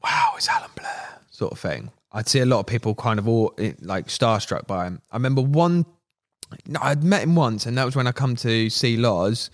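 A man's voice: medium pitch, normal speed. A young man, a podcast guest, telling stories in casual slang and acting out what people said. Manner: animated, slangy, acts out quotes. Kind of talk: casual storytelling.

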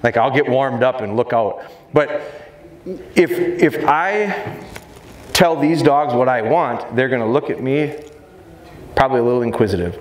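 A man's voice: mid-range voice, lively intonation, moderate pace, slight background noise. A middle-aged man giving a dog training seminar to a live audience, talking energetically and joking with the crowd. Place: large exhibition hall. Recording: roomy hall echo, faint crowd ambience.

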